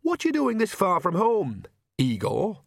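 A man's voice: high-pitched, huge pitch swings, a little slow, vocal fry, no room sound, studio quality, pitched above the performer's own voice, heavily acted. Nanny Ogg, a man doing a chatty old witch. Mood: coaxing. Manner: chatty, coaxing, folksy. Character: cheerful nosy old witch woman.

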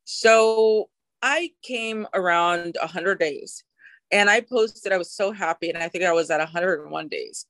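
A woman's voice: on the low side, measured pace, a bit bright, no room sound. A woman sharing her personal recovery story in an interview, talking in an emotional, frank way with occasional swearing.

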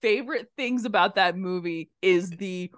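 A woman co-hosting a movie review podcast, chatting casually in an animated, gushing way and laughing often. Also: mid-range voice, normal speed, no echo, studio quality. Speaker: podcast co-host.

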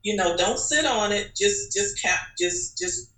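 A woman guest telling personal stories in an animated, chatty way, with many fillers and restarts. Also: medium pitch, a little slow, echoey room, poor audio. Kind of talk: casual personal storytelling.

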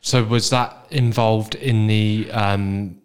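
A man hosting a podcast who asks his questions in a hesitant, halting way with many fillers. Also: fairly low pitch, steady tone, clean tone. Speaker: podcast host. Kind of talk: interview questions.

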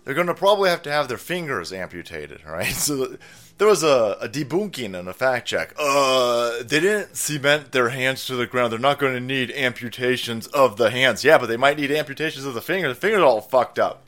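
A man's voice: medium pitch, animated, brisk, a bit bright. A man hosting a commentary show, ranting in a foul-mouthed, mocking way. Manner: foul-mouthed, mocking, laughs at own jokes.

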